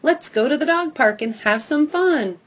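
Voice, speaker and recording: An excitable yappy pet dog, as a woman puts it on. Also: normal speed. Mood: excited. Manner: high, loud, yappy outbursts. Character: eager young dog, excitable and loyal. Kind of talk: audiobook character voice.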